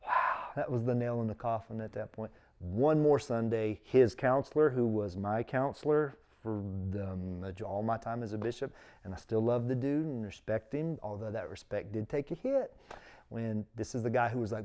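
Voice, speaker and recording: Middle-aged guy, interview guest, earnest and emotional, acts out quotes, mid-pitch voice. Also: expressive, fairly quick, a little mellow. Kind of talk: personal storytelling in a sit-down interview.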